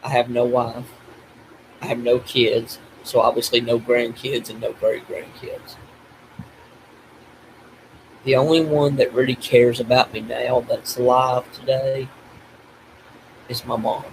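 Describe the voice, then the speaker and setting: An older man talking in a tearful video diary, grief-stricken and blaming himself, speaking haltingly with restarts and breaking off as he cries. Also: mid-range voice, little pitch movement, background noise. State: crying. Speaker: vlogger.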